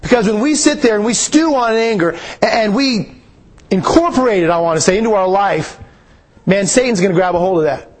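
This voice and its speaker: A man's voice: sits high, fairly quick. A man preaching a sermon in an earnest way, repeating phrases for emphasis.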